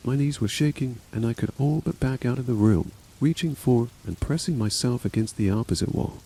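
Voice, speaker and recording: A man's voice: medium pitch, brisk, dark tone, husky, low-quality recording. A man narrating a horror story as a scripted reading, voicing every character himself.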